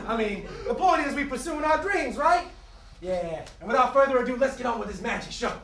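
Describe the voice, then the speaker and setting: A man's voice: extremely high pitch, lively intonation, a little fast, fairly bright tone. A man playing a laid-back, boastful hip hop star with slangy swagger, recorded on an echoey stage from a distance.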